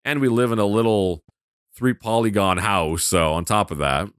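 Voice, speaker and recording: A man's voice: fairly low pitch, moderate pace, fairly bright tone, clean tone, dry recording, studio quality. A man giving casual gameplay commentary with crude, sarcastic humor.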